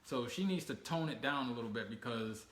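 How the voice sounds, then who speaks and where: A man's voice: medium pitch, lively intonation, a little fast. A man casually telling a travel story on a family channel, acting out the people he quotes and laughing as he goes. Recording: echoey room with faint ambient noise.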